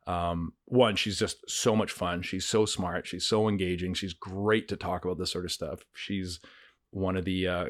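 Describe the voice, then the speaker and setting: Deep-voiced guy, earnest podcast chat, lots of ums and restarts, dry close mic. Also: no room sound. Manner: earnest, searching, with many fillers and restarts. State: getting emotional. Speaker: podcast co-host. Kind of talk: reflective casual conversation. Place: countryside home.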